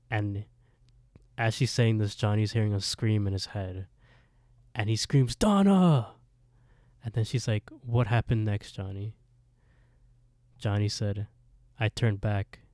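In a studio-quality recording with no room sound, a man with a lowish, unhurried voice chats casually about a TV episode he co-hosts a podcast on. He retells the plot with quoted dialogue, animatedly switching between characters and laughing frequently.

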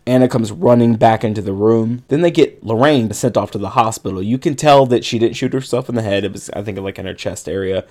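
Man, podcast co-host, lowish voice, rambling casual movie recap, lots of likes. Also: darkish tone. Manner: rambling retelling with many likes and you-knows.

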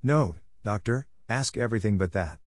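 A man voicing a worried, well-to-do gentleman who pleads with his friend. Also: lowish voice, lively intonation, normal speed, dry recording, clean studio sound, lightly acted. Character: anxious well-off gentleman, father figure.

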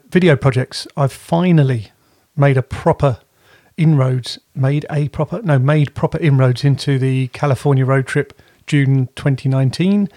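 Guy rambling on his podcast from home, mid-pitch, dry sound, keeps fixing his words. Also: darkish tone, no echo. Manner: rambling, self-correcting. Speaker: podcast co-host. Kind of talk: casual chat.

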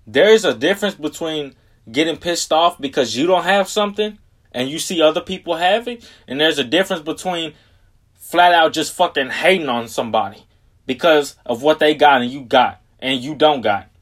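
A young man hosting his own podcast, talking casually and rambling, swearing often and slowing right down to stress key phrases. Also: a little high. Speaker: podcast host. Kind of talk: casual solo podcast talk.

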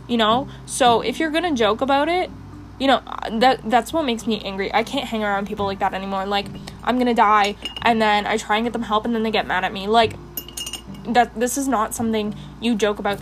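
A woman's voice: medium pitch, rough recording. A young woman hosting a personal podcast, talking with passion and rambling with many fillers while doing her makeup. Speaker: podcast host.

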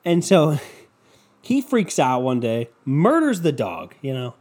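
Slow-paced and breathy-edged, a mid-range male voice belongs to a podcast host in his twenties. He rants through a comic story full of swearing and sarcasm, slipping into animated impressions for quoted lines.

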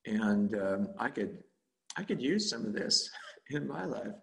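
A man's voice: fairly low pitch, big pitch swings, unhurried, creaky. A man teaching meditation in a dharma talk, speaking in a rambling, conversational way with frequent chuckles.

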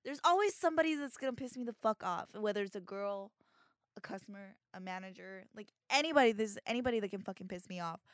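A woman's voice: mid-range voice, animated, quick pace, no echo, studio quality. A young woman co-hosting a podcast, telling a work story in casual, profane chat and laughing often. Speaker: podcast co-host.

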